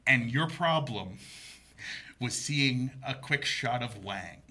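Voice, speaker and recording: A man co-hosts a casual movie chat on community TV, bright and forward in tone. He talks in an animated, joking way and laughs a lot. His pitch sits in the middle range. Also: takes it slowly. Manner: animated, laughs often, mocking humor. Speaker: co-host of a movie review show. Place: community TV studio.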